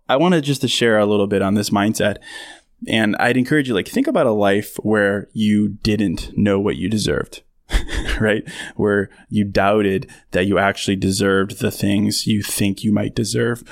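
A man's voice: fairly low pitch, steady tone, unhurried, creaky, no echo, clean studio sound. A man hosting his own podcast, talking casually to listeners, laughing often and full of fillers. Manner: chatty, laughs often, many fillers, mock voices for quotes. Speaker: podcast host. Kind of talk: casual solo podcast monologue.

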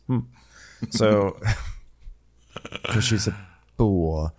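A man's voice: low-pitched, lively intonation, moderate pace. A man co-hosting a comedic recap podcast, riffing with sarcastic asides and playful impressions. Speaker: podcast co-host recapping a reality show.

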